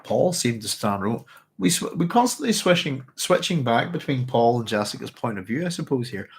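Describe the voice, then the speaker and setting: A man hosting a relaxed book discussion, his voice sitting at an ordinary middle pitch. He wanders through his thoughts, stops to correct himself and fills gaps with an easy "um". Half reading, half chatting. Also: moderate pace. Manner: thoughtful, rambling, with frequent fillers and self-corrections. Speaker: book club host. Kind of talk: casual book discussion with read-aloud passages.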